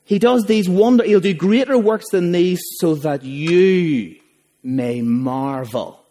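A man's voice: high-pitched, takes it slowly, mellow. A man preaching a sermon as a pastor, emphatic and full of rhetorical questions. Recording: long reverb of a large hall.

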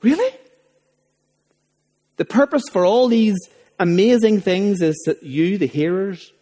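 A man's voice: sits high, expressive, unhurried, pauses often, mellow. A man preaching a sermon as a pastor, emphatic and full of rhetorical questions. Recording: long reverb of a large hall.

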